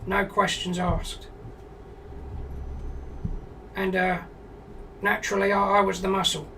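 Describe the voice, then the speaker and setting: A British man telling a crude, rambling comic story in a deadpan way, swearing often. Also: high-pitched, slow pace, creaky, far from the mic, slight background noise, low-quality recording.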